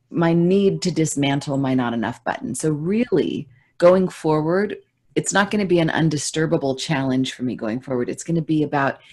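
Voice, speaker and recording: Woman, low voice, podcast co-host, casual and expressive, acts out her reactions. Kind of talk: casual chat.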